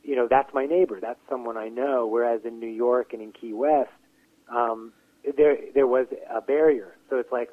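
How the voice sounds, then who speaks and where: A man's voice: medium pitch, steady tone, moderate pace, no room sound. A man interviewed as a playwright, talking casually with many fillers and restarts over a phone line. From Western Pennsylvania. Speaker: playwright and actor, interview guest. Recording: tinny phone-line audio.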